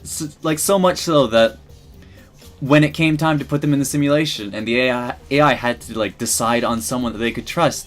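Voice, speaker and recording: A man streaming, talking casually and emotionally in a rambling way with many restarts. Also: a little high.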